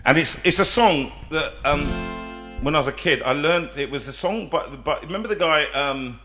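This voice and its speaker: A man with a fairly high voice hosts a live music stream from home at a moderate pace. Between songs he trades relaxed, jokey banter, then recites and sings a comic country song over his guitar.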